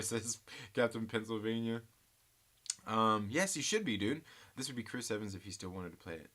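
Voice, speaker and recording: A man hosting a casual live movie chat stream, reading viewer comments aloud and thinking out loud with frequent restarts. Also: lowish voice, normal speed.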